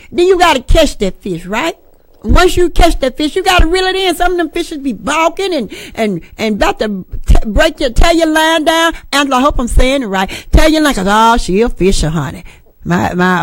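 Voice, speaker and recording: A woman's voice: high voice, no echo. A middle-aged woman, preaching an informal sermon with folksy jokes and asides to the congregation.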